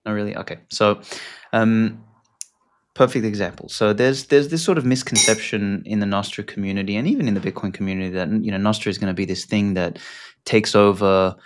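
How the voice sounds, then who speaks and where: A man's voice: fairly low pitch, fairly even intonation, a little fast. A man talking as an interview guest, loose and rambling, with lots of fillers and casual swearing. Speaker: podcast guest.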